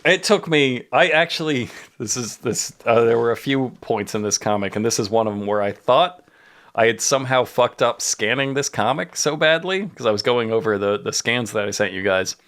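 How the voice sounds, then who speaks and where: A man's voice: mid-range voice, expressive, normal speed, fairly bright tone. Wry rambling man recapping a comic. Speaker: podcast guest. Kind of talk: casual chat, recapping a comic.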